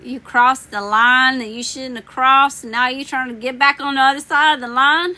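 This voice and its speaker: A woman runs a live tarot reading and chats straight to her viewers, joking and slangy with a blunt edge. Her voice sits a touch high and rings bright and forceful. It is slightly worn, as she is losing it. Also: fairly even intonation, moderate pace. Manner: teasing, laughing, slangy and blunt. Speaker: tarot reader hosting a live stream. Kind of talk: casual livestream chat answering viewers.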